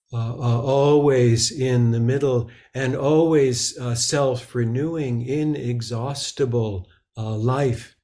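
A man giving a Zen dharma talk, slow and halting, with many filler sounds between phrases. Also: mid-range voice, mellow. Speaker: Zen teacher.

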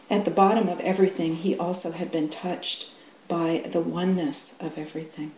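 A middle-aged woman giving a dharma talk, halting often with restarts and fillers and laughing easily. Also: fairly low pitch, warm tone. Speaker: dharma teacher. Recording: echoey room with faint hum.

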